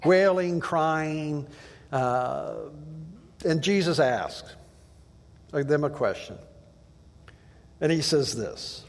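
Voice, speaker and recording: Guy preaching kinda chatty, plain storyteller, slightly high voice, big echoey hall. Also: animated, drawn-out words, long pauses. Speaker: pastor. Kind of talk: conversational sermon.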